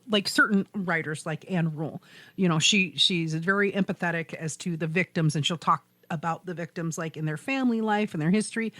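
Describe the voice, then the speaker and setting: Woman, podcast co-host, bright tone, dry close sound, chatty, laughs a lot. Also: fairly low pitch, dry recording. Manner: chatty, laughs often, trails off and restarts. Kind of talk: casual chat.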